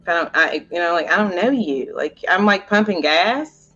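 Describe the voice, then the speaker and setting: A woman co-hosting a casual chat, rambling and animated with many filler words. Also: lowish voice, moderate pace, slightly rough, muffled recording. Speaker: co-host.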